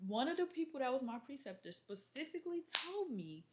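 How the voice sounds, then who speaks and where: A woman's voice: high-pitched, brisk. Exasperated young woman ranting to camera. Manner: exasperated, animated storytelling with acted-out quotes. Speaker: labor and delivery nurse, vlogger. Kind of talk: casual venting rant to camera.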